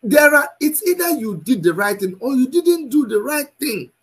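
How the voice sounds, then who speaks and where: Man, husky voice, heated lively scolding commentary. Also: extremely high pitch, normal speed, poor audio. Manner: scolding, repeats himself, raises his voice to shouting. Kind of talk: impassioned online commentary.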